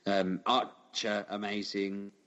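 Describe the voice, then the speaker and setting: Laid-back man, low voice. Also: flat delivery, takes it slowly, fairly bright tone, dull audio. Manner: chatty, laughs easily, plain-spoken. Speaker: podcast co-host. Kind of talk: casual chat.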